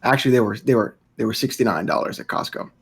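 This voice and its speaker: A man co-hosting a casual gaming podcast, teasing the chat with slow, drawn-out jokes, talking into wireless earbuds. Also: mid-range voice, husky. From Florida, US. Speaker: podcast co-host.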